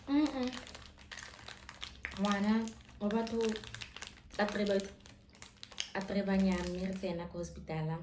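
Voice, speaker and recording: A young woman tells a personal story in a casual vlog style. She is animated and dramatic, and her voice is low and warm. The recording sounds echoey, as if made in a bare room, with faint noise underneath. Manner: animated, dramatic retelling that mixes English with Setswana phrases. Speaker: vlogger telling a personal story. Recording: roomy echo, faint background noise.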